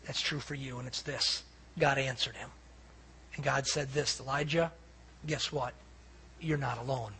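A male pastor preaching a sermon, telling stories with animated acted-out quotes. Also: medium pitch, normal speed, gravelly, pauses often, slightly rough. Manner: animated storytelling preacher, acting out quoted voices.

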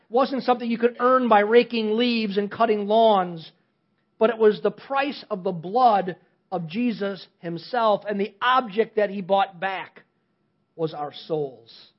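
A man preaching a sermon, telling an illustrative story earnestly with frequent restarts and hushed drops at key points. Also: high-pitched, a little slow. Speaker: pastor. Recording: slightly dull lo-fi sound.

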